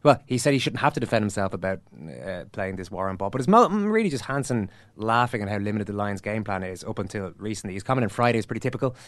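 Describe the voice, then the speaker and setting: Irish man, podcast host, fast talker, dry close sound, wry, laughing. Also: fairly low pitch, animated, dry recording. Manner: wry, laughing, mock-dramatic delivery. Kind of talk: casual sports chat.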